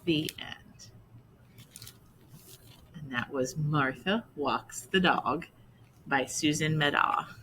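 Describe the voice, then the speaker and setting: A woman reading a picture book aloud slowly, adding explaining asides to listeners. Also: deep voice, bright, forceful tone, slight background noise, rough recording. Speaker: storybook reader.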